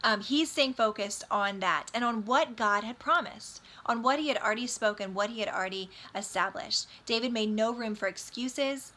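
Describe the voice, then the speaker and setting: A woman's voice: on the high side, normal speed, few pauses, bright, forceful tone. A woman teaching a Bible study in an earnest, emphatic way.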